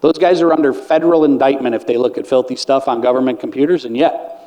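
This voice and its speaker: A man's voice: mid-range voice, fairly even intonation, fast talker, dark tone. Earnest man speaking in a reverberant hall. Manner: earnest, blunt, pastoral, acts out quoted lines. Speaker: conference speaker. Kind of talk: recovery ministry talk. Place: conference hall.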